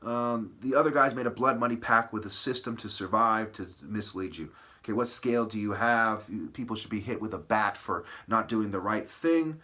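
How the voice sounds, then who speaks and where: A man's voice: lowish voice, normal speed, sharp tone. A man delivering a preachy solo lecture, emphatic and berating his listeners, full of word-play and tag questions like "okay" and "right". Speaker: channel host.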